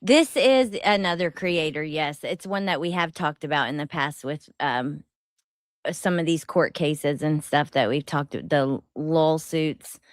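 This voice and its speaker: A woman streamer hosts a casual commentary stream over a headset, laughing a lot, swearing freely, and rambling as she reacts. Her voice sits low, her pace is measured, and the recording is dry.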